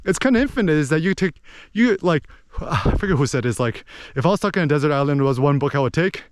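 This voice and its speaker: Smooth-voiced man in rambling casual chat. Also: on the high side, lively intonation, fast talker, no echo. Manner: rambling, full of "like" and "you know". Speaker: speaker musing on language and poetry.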